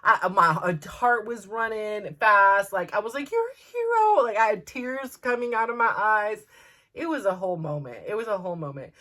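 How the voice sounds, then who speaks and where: A woman's voice: mid-range voice, normal speed. A middle-aged woman, telling a story casually and acting out voices as a podcast host. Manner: animated, acts out voices, many fillers.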